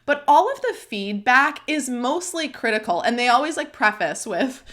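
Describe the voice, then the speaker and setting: A woman's voice: a little high, lively intonation, normal speed, few pauses, pushed and bright. A young adult woman hosting a podcast, talking openly and emotionally in a chatty way with many fillers, close to the mic. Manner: emotional, tearful, speaks openly. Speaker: podcast host. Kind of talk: candid personal podcast monologue.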